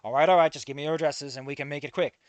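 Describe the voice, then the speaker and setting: A man's voice: a little high, fairly even intonation, very fast, no echo, natural voice. A man voicing a smarmy, nosy middle-aged male cab driver with a nasal, mocking voice. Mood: smug. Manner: mocking, teasing.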